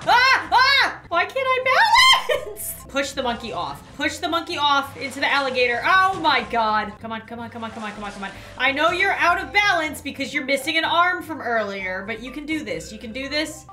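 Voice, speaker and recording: High, lively young woman gamer. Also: brisk, hardly any pauses, soft background music. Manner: excitable, shrieks and laughs often; playful running commentary, talking to the animals. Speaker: gaming YouTuber. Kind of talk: playing a mobile game on camera.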